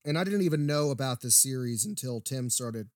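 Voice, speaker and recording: A man's voice: mid-range voice, animated, brisk. A young man co-hosting a casual podcast, teasing and laughing a lot, with plenty of swearing. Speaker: podcast co-host. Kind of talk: casual chat.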